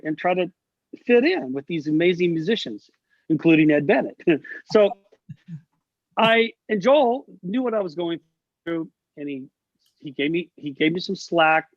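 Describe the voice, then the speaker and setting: A middle-aged guest musician, his voice a little high, tells stories at a moderate pace in a casual video-call interview, animatedly acting out the people he quotes. The audio is dull and lo-fi, with no room sound.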